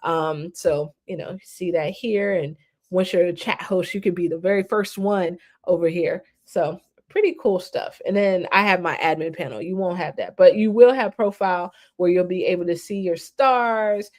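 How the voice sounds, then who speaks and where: A woman with a slightly low voice talks casually through a live stream demo. She keeps it upbeat and slangy, like she's showing friends around. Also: moderate pace, darkish tone. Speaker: host. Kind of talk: live-stream platform walkthrough.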